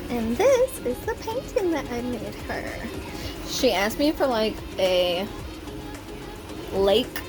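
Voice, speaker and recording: A young woman chatting casually in a vlog, bubbly and talkative, swearing now and then. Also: a little high. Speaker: vlogger.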